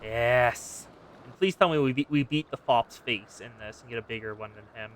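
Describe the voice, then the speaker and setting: A man's voice: medium pitch, quick pace, recorded from a distance. A young man streaming a game, chatting casually, muttering to himself, swearing and talking to objects on screen. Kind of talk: casual gameplay commentary.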